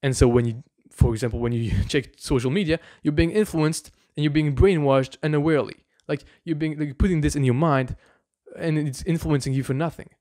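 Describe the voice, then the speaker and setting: A man's voice: a little high, steady tone, a little fast, few pauses, a little mellow. A man giving a motivational self-help lesson to camera, speaking earnestly and informally with frequent restarts and "right?" asides. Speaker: mindset coach.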